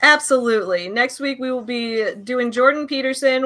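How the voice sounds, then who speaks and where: A young woman co-hosting a casual podcast, chatty and quick to laugh, with lots of fillers. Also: high voice, fairly bright tone. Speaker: co-host.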